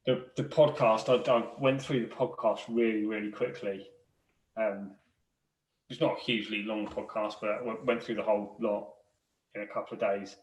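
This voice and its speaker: A man's voice: on the low side, steady tone, moderate pace. A man co-hosting a podcast, chatting enthusiastically and often repeating words as he gets going. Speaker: podcast co-host. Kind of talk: casual chat. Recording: roomy and distant from the mic.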